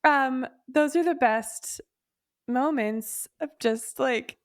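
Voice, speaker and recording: A woman co-hosts a podcast in an unhurried, unrushed way, affectionate, teasing and candid. Her voice sits a touch high. The sound is dry and close. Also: no echo. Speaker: podcast co-host. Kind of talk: casual chat.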